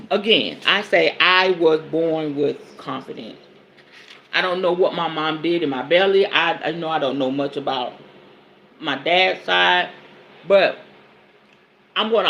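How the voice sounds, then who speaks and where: This is a woman in her forties with a bright, forceful voice. She hosts a podcast, reading self-help passages aloud and then preaching on them. She is emphatic and colloquial, with faint noise behind her. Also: fairly low pitch. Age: 40s. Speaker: podcast host and spiritual advisor.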